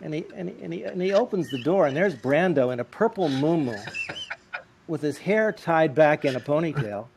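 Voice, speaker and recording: Animated man telling showbiz anecdotes. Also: fairly high pitch, normal speed, vocal fry, background noise. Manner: lively, animated, comic timing. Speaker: guest. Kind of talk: anecdotal storytelling.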